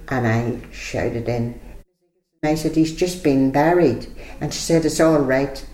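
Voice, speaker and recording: A woman's voice: rumbling low, measured pace, warm tone. An older woman, reminiscing casually in an interview and retelling old conversations in a chatty storytelling manner. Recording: roomy echo.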